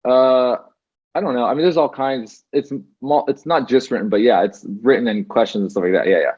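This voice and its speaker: A man's voice: mid-range voice, fairly quick, darkish tone, slightly rough, muffled recording. A man as an interview guest, telling his story casually with many fillers and restarts over a video call. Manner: rambling with frequent fillers and restarts.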